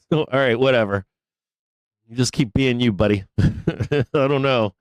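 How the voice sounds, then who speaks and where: Male trading-show host, middle pitch, smooth clear voice, dry close sound, swears and laughs through a rant. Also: normal speed, long pauses, no room sound. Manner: profane, ranting, laughing often. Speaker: stock market show host. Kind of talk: casual live trading commentary.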